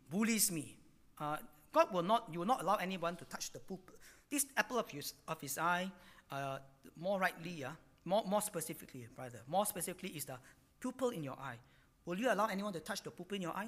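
High bright voiced guy preaching, super animated, tags lines with lah and no. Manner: animated, emphatic preaching with rhetorical questions; ends phrases with particles like lah and no. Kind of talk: sermon.

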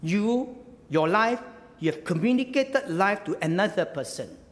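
A man's voice: high-pitched, expressive, unhurried, long reverb tail. A male pastor preaching a sermon, emphatic, repeating phrases and firing rhetorical questions.

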